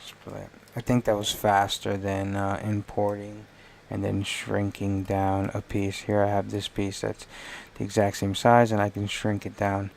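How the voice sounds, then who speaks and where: A man's voice: lowish voice, monotone, measured pace, vocal fry, a little mellow, a little hiss or hum. Dad narrating his 3D design work. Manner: narrates his steps aloud to himself, teasing with his child. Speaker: streamer designing 3D prints. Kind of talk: casual livestream chat while working.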